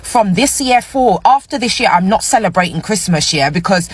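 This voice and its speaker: A woman's voice: mid-range voice, animated, a little fast, breathy edge, dry recording. A stressed woman, ranting bluntly to her followers, swearing and repeating herself. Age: 40s. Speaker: vlogger.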